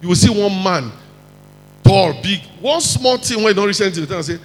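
A man with a Nigerian accent preaching a lively sermon, acting out quotes and mixing in pidgin. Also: high-pitched, brisk, in a large hall, a little hiss or hum, poor audio. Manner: animated, mixes in pidgin, acts out quotes.

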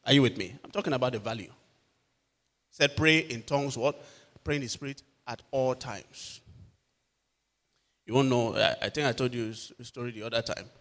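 Male preacher, animated storyteller, bright voice, long hall reverb. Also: medium pitch, moderate pace, long pauses. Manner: animated storyteller acting out quotes. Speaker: pastor. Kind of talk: sermon with personal stories.

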